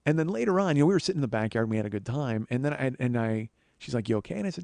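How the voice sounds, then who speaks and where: A man hosting a podcast, telling a personal story in a storytelling monologue, swearing often and getting louder and higher when worked up. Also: very fast, vocal fry, hardly any pauses, no room sound. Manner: profane, excitable, voice rising when worked up. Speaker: podcast host.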